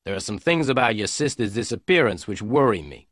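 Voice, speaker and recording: A man reading an audiobook as a hard-boiled male private detective who speaks quietly and levelly. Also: lowish voice, sing-song, brisk, dry recording, studio quality. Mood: calm.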